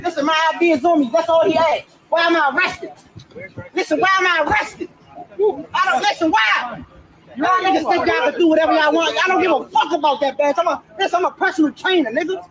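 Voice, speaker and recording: A man's voice: very high voice, a little fast, rough recording. A man being detained on the street, arguing and protesting with officers. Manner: pleading, then defiant and angry. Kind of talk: heated street confrontation. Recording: crowd noise from street footage.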